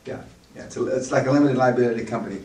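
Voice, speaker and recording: A man's voice: medium pitch, very fast, a little mellow, slight background noise. A man in his sixties giving a live business seminar to a room of listeners, blunt and rambling as he talks. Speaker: seminar speaker. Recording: echoey room, mic from far off.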